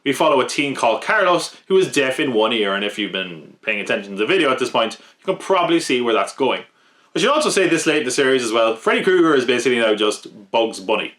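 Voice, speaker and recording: A man's voice: medium pitch, very animated, fast talker, fairly bright tone. A man hosting a podcast countdown of horror-film kills, with wry, jokey asides to the listener. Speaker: podcast host. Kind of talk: scripted countdown commentary.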